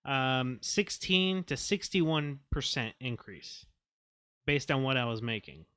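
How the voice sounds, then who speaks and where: A man's voice: mid-range voice, expressive, slow pace, pushed and bright, smooth, no echo. A young man co-hosting a podcast, chatting casually and making dry, teasing quips. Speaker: podcast co-host. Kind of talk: casual chat.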